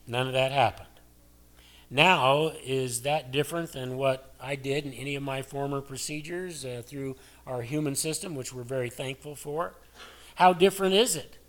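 A man's voice: on the high side, fairly bright tone. An older male pastor preaching a sermon in a conversational way, asking his listeners many rhetorical questions.

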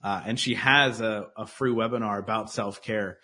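A man's voice: fairly low pitch, steady tone, moderate pace, bright, forceful tone, slightly rough. A man talking as a podcast guest in casual interview chat, earnest and motivational, with lots of likes and restarts. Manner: earnest, motivational, filler-heavy.

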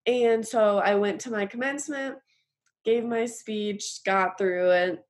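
Young woman sharing her testimony, earnest, lots of um and like, mid pitch. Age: young adult. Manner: earnest, halting, with frequent fillers. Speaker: interviewee sharing her faith story. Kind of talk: personal testimony.

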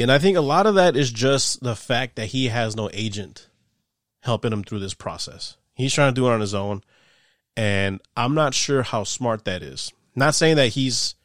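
A man's voice: lowish voice, dry recording, studio quality. A man hosting a casual sports podcast who talks animatedly, laughs often and swears freely. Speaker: podcast host.

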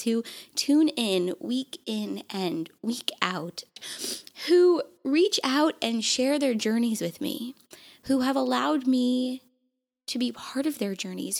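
A woman hosts her own podcast alone, speaking with heartfelt earnestness. She sounds close to tears, and her voice carries a gravelly fry at a middle pitch. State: tearful. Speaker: podcast host. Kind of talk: heartfelt solo podcast monologue.

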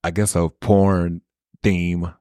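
A man co-hosting a podcast, telling animated anecdotes in a casual, profane way. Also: low voice, slow pace, no echo, clean studio sound. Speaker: podcast co-host. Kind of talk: casual chat.

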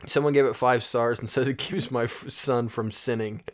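A man co-hosting a casual podcast, reading reviews aloud with a joking tone. He laughs often. His voice sits at an ordinary middle pitch. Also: fairly even intonation, moderate pace. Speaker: podcast co-host.

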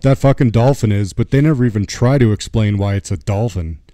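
A man's voice: on the low side, a little fast, warm tone, no echo. A man joking sarcastically and crudely while chatting about a movie. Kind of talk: casual movie chat.

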